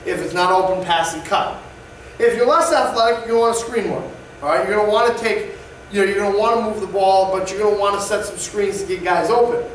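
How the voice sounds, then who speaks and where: A man's voice: sits high, fast, a little hiss or hum. A male basketball coach explaining offense plays in an instructional presentation, often checking in with "all right?". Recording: echoey distant room mic.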